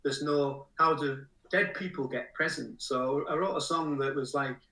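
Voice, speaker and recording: A man's voice: medium pitch, fairly even intonation, moderate pace, bright, forceful tone. A man in his sixties, a musician guest, rambling through funny anecdotes and laughing at his own tales. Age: 60s. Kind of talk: casual anecdote telling. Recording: roomy sound from a distant mic.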